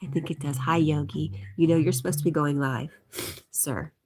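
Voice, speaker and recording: A woman's voice: sits low, fairly even intonation, moderate pace, crowd noise. A middle-aged woman hosting a livestream, chatting casually, reading viewer comments aloud, and laughing often. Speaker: livestream host. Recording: music playing in background.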